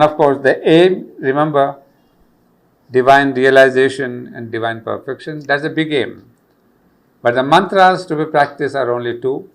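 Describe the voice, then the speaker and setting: A man's voice: fairly high pitch, creaky, a bit bright. An older man, giving an earnest spiritual lecture on yoga and repeating key phrases for emphasis. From India.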